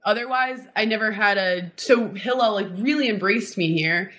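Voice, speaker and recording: A young woman in her twenties from Miami tells her story as an interview guest. She rambles freely, filling her talk with "like" and breaking off to restart her sentences, at an ordinary mid pitch for a woman. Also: normal speed, fairly bright tone, slight background noise. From Miami, Florida. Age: 20s. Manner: rambling, heavy use of "like" and restarts.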